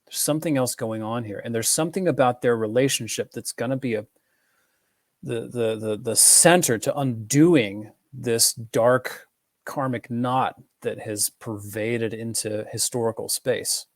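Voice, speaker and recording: A man's voice: mid-range voice, measured pace, no echo. Man, casual film commentary, rambling with restarts, dry close sound. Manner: rambling, many fillers and restarts. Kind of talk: casual film analysis talk.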